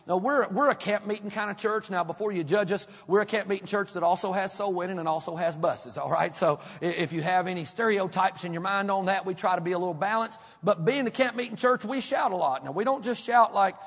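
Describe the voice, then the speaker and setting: Animated high-voiced preacher. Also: male voice, fairly quick, hardly any pauses. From Kentucky. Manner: folksy, animated, humorous. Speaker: pastor. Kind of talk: sermon with storytelling. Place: church sanctuary. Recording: long hall reverb.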